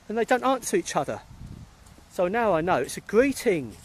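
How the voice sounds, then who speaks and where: A middle-aged British man rambles cheerfully into a handheld phone while strolling outdoors. His voice sits a little high for a man, and he drifts from anecdote to anecdote, calling out viewers by name. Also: sing-song, a little fast. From England. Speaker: spiritualist medium vlogger. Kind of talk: casual live-stream chat. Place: outdoors in a cemetery. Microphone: phone held while walking.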